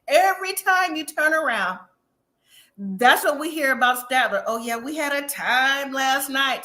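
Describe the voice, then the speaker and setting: Sassy woman host, casual reality-TV recap, bright and high. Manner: chatty, sassy, quotes people in animated asides. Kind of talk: casual live-stream recap.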